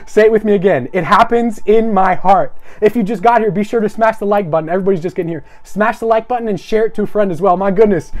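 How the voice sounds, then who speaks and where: A young man preaching an energetic live-streamed sermon, asking viewers to repeat phrases after him. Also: high-pitched.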